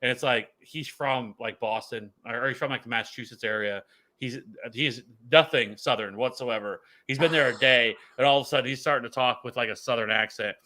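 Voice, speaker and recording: Male co-host, bright tone, loose rambling delivery full of restarts. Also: mid-range voice, a little fast. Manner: rambling, many restarts and fillers. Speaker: fantasy football co-host. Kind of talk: casual podcast chat.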